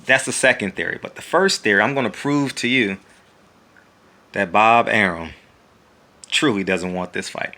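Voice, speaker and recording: A man giving a casual opinion vlog as a YouTube commentator, animated and rambling, often repeating words as he goes. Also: fairly low pitch, moderate pace, long pauses.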